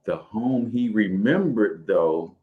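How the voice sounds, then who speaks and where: A man's voice: lowish voice, lively intonation, slow pace, narrow, tinny audio. A man from St. Louis with a local accent, talking in a casual podcast, reflective and hesitant, with many fillers and restarts.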